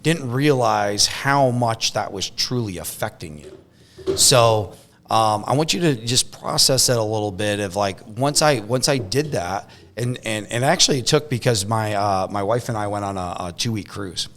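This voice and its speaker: A man's voice: on the low side, normal speed, a bit bright. A man hosting a podcast, talking casually and rambling, with lots of restarts and fillers. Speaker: podcast host. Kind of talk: casual conversation.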